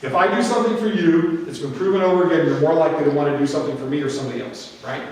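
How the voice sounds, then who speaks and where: A middle-aged man with a fairly high voice gives an animated conference talk and slips into anecdotes. He sounds far from the mic, and his voice rings out with a long hall reverb. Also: racing. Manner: storytelling, animated, acts out quoted voices. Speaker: conference speaker. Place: large hall. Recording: echoey hall, distant mic.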